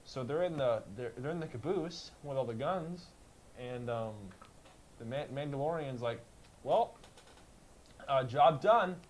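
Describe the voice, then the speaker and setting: Man, podcast co-host, rambling casual retelling, quick put-on voices, faint fan hum behind. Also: mid-range voice, a little mellow, poor audio. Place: house with a kitchen fan running.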